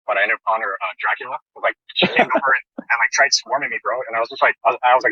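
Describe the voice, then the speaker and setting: A man's voice: mid-range voice, racing, hardly any pauses, slightly rough, no room sound. A man telling a rambling, slangy story in a casual podcast chat, full of fillers and restarts. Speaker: guest recounting a trip. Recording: muffled lo-fi audio.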